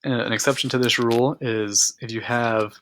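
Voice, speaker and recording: A man teaching a narrated slideshow lesson, explaining calmly with frequent fillers and restarts. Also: medium pitch, moderate pace, a little hiss or hum. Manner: relaxed explanatory, many fillers.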